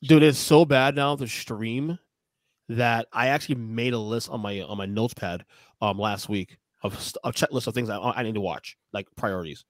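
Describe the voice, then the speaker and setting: A man's voice: on the low side, moderate pace, no room sound, clean studio sound. A man joining a casual podcast as a guest, teasing and laughing often.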